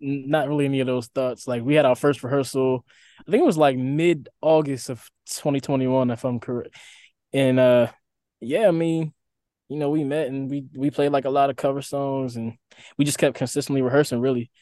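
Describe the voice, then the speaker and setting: Relaxed young man, rambling answers. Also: medium pitch, a little fast, no echo. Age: young adult. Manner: relaxed, rambling, lots of fillers. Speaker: band member, guest. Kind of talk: casual interview answers.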